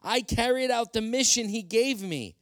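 A man's voice: very high-pitched, normal speed, fairly bright tone, no room sound, clean studio sound, voice pushed up. A man voicing a whiny, self-justifying king in a sermon retelling, pleading and defensive. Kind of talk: sermon storytelling.

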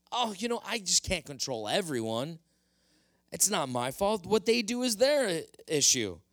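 A man's voice: sits high, fairly bright tone, no room sound, clean studio sound, voice pushed up, heavily acted. A man voicing a whiny, self-justifying king in a sermon retelling, pleading and defensive. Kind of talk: sermon storytelling.

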